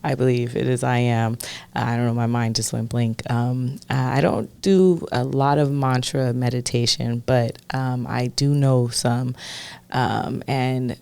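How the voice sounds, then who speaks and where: Gravelly, laughing woman podcast co-host. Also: a bass voice, steady tone, a little slow, darkish tone, no room sound. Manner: loose and playful, laughs often, swears freely. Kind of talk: casual chat.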